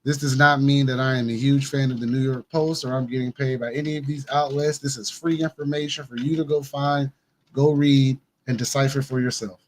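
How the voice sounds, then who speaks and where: A man's voice: medium pitch, steady tone, a little fast, a little hiss or hum. A man hosting a casual conspiracy news commentary show, talking emphatically and repeating his points to drive them home.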